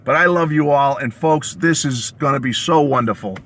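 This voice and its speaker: A man hosting his own video channel, with a hoarse, worn-out voice, ranting excitedly about a new release and calling his viewers "folks" again and again. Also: mid-range voice, normal speed, a little hiss or hum. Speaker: YouTube host reviewing music releases. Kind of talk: enthusiastic vlog rant. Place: home basement studio.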